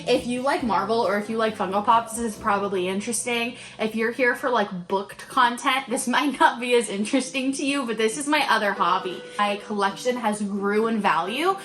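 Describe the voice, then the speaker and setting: A young woman with a bright, forceful voice chats to a handheld camera at home, giggling often and peppering her talk with "like". Her voice sits a little high, and soft music plays underneath. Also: moderate pace, hardly any pauses. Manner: chatty, giggly, lots of "like". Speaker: vlogger. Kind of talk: casual chat to camera.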